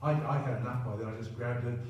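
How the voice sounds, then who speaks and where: Older Australian man, mellow tone, rambling self-deprecating storyteller, echoey room. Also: mid-range voice, fairly even intonation, quick pace. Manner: rambling, self-deprecating, keeps adding "right?". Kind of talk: personal anecdote monologue. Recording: very roomy, distant mic, faint ambience.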